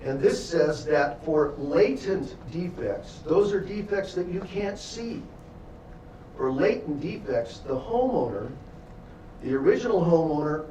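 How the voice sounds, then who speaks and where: A man's voice: on the high side, darkish tone, dull audio. A man lecturing a class as a defense attorney, telling emphatic stories and speaking directly to the students. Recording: echoey room, distant mic, faint hum.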